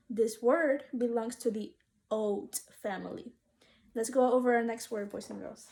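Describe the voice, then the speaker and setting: A woman teaching a phonics lesson to young children, saying each word twice slowly and inviting them to repeat it. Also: a little high, steady tone, mellow. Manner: slow, clearly sounded-out words with call-and-response prompts.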